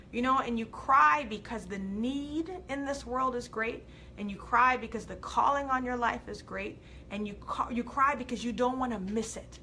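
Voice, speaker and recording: A woman hosting a live inspirational video, preaching with big swings from loud to soft and reading viewer comments aloud. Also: a little high, normal speed, a little hiss or hum. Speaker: host of a live faith and life coaching show.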